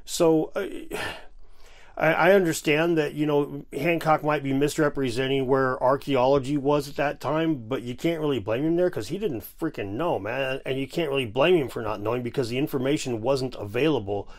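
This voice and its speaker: A man's voice: mid-range voice, normal speed. A man hosting a casual reaction video, ranting with sarcasm and frequent swearing. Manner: ranting, sarcastic, profane, animated. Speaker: video host reacting to a clip.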